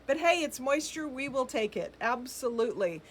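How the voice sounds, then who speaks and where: A woman's voice: high-pitched, lively intonation, moderate pace, slight background noise. A middle-aged woman hosts a live shopping stream, chatting casually, greeting viewers by name and reading their comments with frequent ums and laughs. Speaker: boutique live-sale host.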